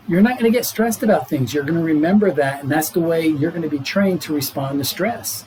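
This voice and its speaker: A man's voice: on the high side, fast talker, hardly any pauses, a little mellow, a little hiss or hum, poor audio. A middle-aged man, a doctor guest on a podcast, explaining health matters in an earnest, casual way and laughing easily.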